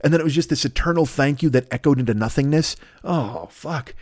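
A man in his fifties rambles through a solo podcast monologue at a rapid clip, swearing freely and mocking himself. He keeps jumping into exaggerated voices for imagined people. The sound is dry and close. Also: fairly high pitch, a little mellow, dry recording. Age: 50s. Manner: profane, riffing, self-deprecating, leaps into exaggerated mock voices. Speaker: podcast host.

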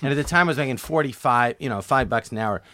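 A man's voice: mid-range voice, quick pace, dry recording. A middle-aged man, a guest comedian, telling stories in casual talk and acting out the voices he quotes. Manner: animated, acts out quoted voices. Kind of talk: casual storytelling interview.

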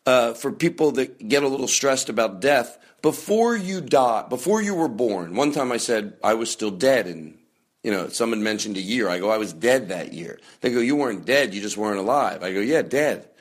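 Male comedy podcast host, mid-pitched, rambling and chatty, with sudden mock-angry, profane outbursts. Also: expressive, normal speed. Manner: loud jokey bursts of mock anger, frequent swearing; chatty, with many fillers and restarts.

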